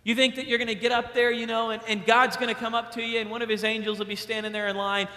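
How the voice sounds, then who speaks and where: Emphatic young preacher in a big hall. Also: male voice, very high voice, fast. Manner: emphatic, repeats key lines; acts out stories with bursts of loud excitement. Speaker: youth preacher. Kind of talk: sermon. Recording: long hall reverb.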